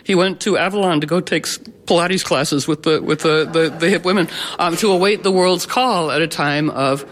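A man giving an informal astrology talk to a live audience, rambling and playful, with many fillers, restarts and sudden animated voices. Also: fairly high pitch, moderate pace, hardly any pauses.

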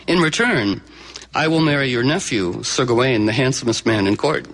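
A man's voice: medium pitch, expressive, normal speed, fairly bright tone, rough recording. Tusked enchanted dame, bold n demanding, told by a man in his normal voice, spoken folktale.

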